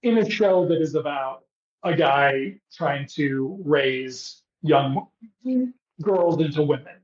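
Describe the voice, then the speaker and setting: A man's voice: a little high, slow pace. A man co-hosting a podcast, recapping a show in casual comedic chat with sarcastic, profane riffing. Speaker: podcast co-host. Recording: echoey, dull lo-fi room sound.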